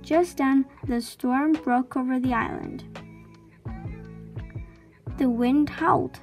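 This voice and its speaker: Woman reader, high voice, slow storybook read-aloud, faint music behind. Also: fairly even intonation. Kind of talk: reading a children's book aloud.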